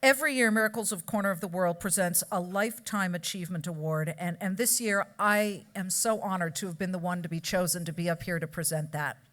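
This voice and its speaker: A woman's voice: fairly low pitch, fairly quick, hardly any pauses, a bit bright. A woman from California giving a chatty award speech at a charity gala, with joking asides to the audience at a podium microphone. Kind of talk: after-dinner award speech. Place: banquet hall.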